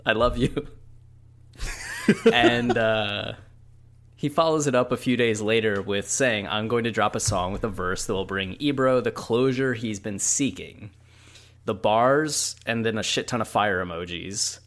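A man's voice: on the low side, a little slow, fairly bright tone. A man co-hosting a podcast in casual joking chat, sardonic and often laughing, trailing off with fillers. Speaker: podcast co-host.

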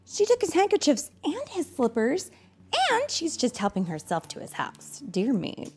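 A woman's voice: sits high, huge pitch swings, moderate pace, darkish tone, soft background music. A woman reading a picture book aloud, expressively and with chatty asides to her listeners. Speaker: storyteller.

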